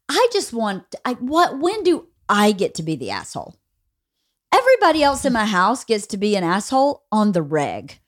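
A woman in her forties hosting a podcast, chatting casually and acting out her family members as she tells stories. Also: medium pitch. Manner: animated storytelling, acts out family members. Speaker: podcast host. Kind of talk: casual chat.

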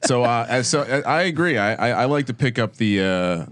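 A man's voice: mid-range voice, animated, moderate pace, fairly bright tone, no room sound, clean studio sound. A man co-hosting a sports podcast, tossing in wry remarks. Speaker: podcast co-host. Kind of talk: casual podcast banter.

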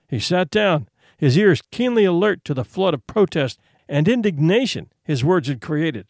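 Expressive male storybook narrator. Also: fairly high pitch, moderate pace, no room sound, clean studio sound. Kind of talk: audiobook narration.

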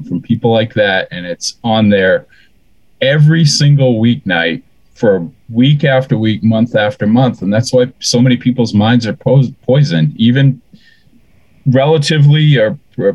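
A man's voice: mid-range voice, darkish tone, muffled recording. A man with a New England accent, a podcast guest talking bluntly and emphatically in casual chat.

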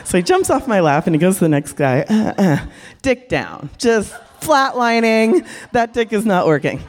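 Woman storyteller, frank, animated, very lively pitch, mid-range voice. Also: moderate pace. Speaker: porn director. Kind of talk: live storytelling to an audience.

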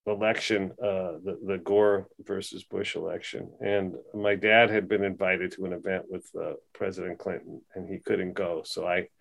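Man guest, low voice, rambling casual anecdote, lots of ums and restarts. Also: level tone, normal speed, creaky, few pauses. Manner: rambling, many fillers and restarts. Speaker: podcast guest. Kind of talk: casual storytelling.

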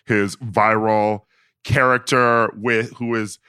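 A man co-hosting a podcast, chatty and quick to laugh while asking a guest questions. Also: lowish voice, level tone, sharp tone, clear, resonant tone, no room sound, clean studio sound. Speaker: podcast co-host. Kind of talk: casual interview chat.

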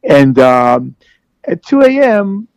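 A middle-aged man calling in as a guest, chatting casually in a halting way with lots of repeated words. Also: fairly high pitch, very animated, vocal fry, a little mellow, smooth, no echo, poor audio. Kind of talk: casual chat.

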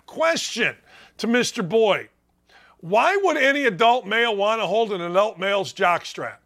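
Brash, bright-voiced middle-aged sports host. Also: male voice, high voice, lively intonation, normal speed. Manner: brash and mocking, repeats punchlines. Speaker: sports talk show host. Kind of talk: opinionated sports talk.

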